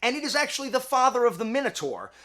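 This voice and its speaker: A man's voice: very high-pitched, sing-song, fast, bright, forceful tone. A man retelling a myth in a chatty, jokey way, with lots of fillers. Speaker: host and storyteller.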